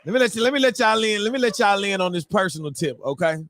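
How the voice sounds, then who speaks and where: A married man hosting a live-streamed morning show, telling a story to his viewers in a casual, animated, slang-filled way. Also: high-pitched, fast, no room sound, clean studio sound. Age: adult, married.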